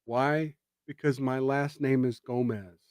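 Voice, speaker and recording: A man's voice: mid-range voice, fairly even intonation, takes it slowly, darkish tone, clean tone, dry recording, studio quality. A man streaming political commentary, sarcastic and emphatic, with indignant rhetorical jabs.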